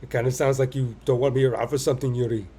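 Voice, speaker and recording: A man voicing a cheerful, self-assured teenage schoolgirl who leads a club, speaking in a friendly, smooth way. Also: medium pitch, flat delivery, racing, warm tone. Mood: calm.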